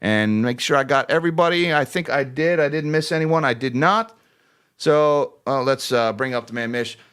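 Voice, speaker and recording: A man's voice: mid-range voice, normal speed, fairly bright tone, clean tone. A man hosts a casual finance livestream, joking and laughing easily as he reads out market closes. He talks to viewers directly, thanking them by name in a loose, chatty way.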